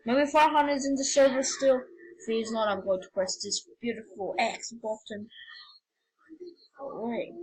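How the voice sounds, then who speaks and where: A woman giving casual, rambling game commentary, excitable and prone to sudden yelps and shouts. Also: fairly high pitch, measured pace, slightly rough, low-quality recording. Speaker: gamer.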